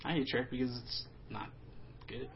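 A man's voice: medium pitch, normal speed, highs cut off, slight background noise. A man co-hosting a podcast in casual banter, wry and sarcastic, with some swearing. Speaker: podcast co-host. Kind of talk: casual chat.

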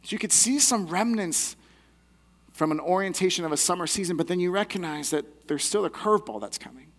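A man's voice: sits high, lively intonation, fairly quick, fairly bright tone. A young adult man giving a sermon as a pastor, teaching in a conversational, earnest way.

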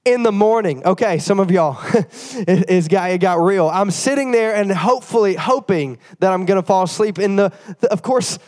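A young man preaching a sermon, telling a story with lively call-outs to the congregation, tired after the flu. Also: high voice. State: tired, getting over the flu. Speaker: pastor.

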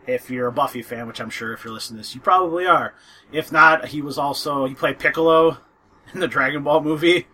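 A man's voice: fairly high pitch, quick pace, bright, forceful tone, a little hiss or hum. A man co-hosting a podcast, chatting casually about books and wandering off track as he talks. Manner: rambling, loses his train of thought. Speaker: podcast co-host.

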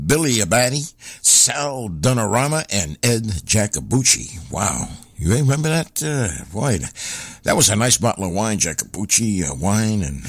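A man's voice: medium pitch, a bit bright, no room sound. A man hosting a radio show, chatting in a rambling, jokey way. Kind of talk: casual radio chat.

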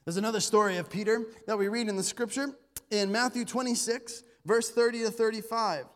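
A man with a high-pitched voice preaches a sermon, talking conversationally with stammered restarts and touches of self-deprecating humor. His voice carries a long reverb, as if he were in a church sanctuary. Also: fairly even intonation, brisk. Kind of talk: sermon with scripture reading.

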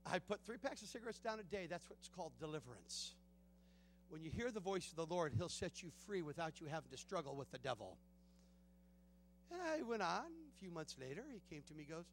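Animated high-voiced Southern preacher. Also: male voice, a little fast, a little hiss or hum. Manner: animated storyteller, shifts from hushed to loud, laughs often. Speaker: guest preaching pastor. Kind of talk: sermon with personal testimony. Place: church sanctuary.

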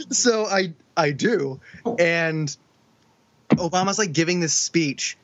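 High-voiced young man telling stories, lo-fi. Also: lively intonation, slow. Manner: storytelling, profane, incredulous. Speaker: podcast co-host. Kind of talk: casual chat. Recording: dull lo-fi podcast audio.

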